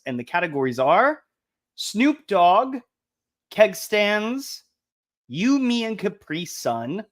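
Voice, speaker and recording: Lively high-voiced man, halting speech. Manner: halting, filler-heavy delivery. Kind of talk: casual podcast chat.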